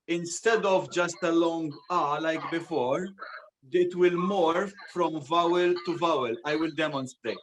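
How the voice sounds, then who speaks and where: Slow-spoken man guiding breath and vowel chants. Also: a little high. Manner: slow, patient instructing, counting breaths aloud. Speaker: ceremony facilitator leading group vowel toning. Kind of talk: guided group sound-and-breath ceremony. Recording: live recording with steady noise and clicks.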